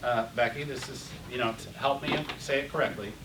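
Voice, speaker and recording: A man's voice: medium pitch, steady tone, brisk. A middle-aged man teaching an interactive Bible class, passionate, getting worked up and repeating words. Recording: roomy, distant, faint hiss.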